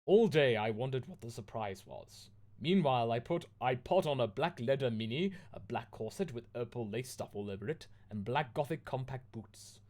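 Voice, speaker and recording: Man from the UK, comic read-aloud host, animated swoopy pitch, mock-drama. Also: moderate pace, hardly any pauses. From United Kingdom. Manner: mock-dramatic, lively delivery. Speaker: host reading fanfiction aloud.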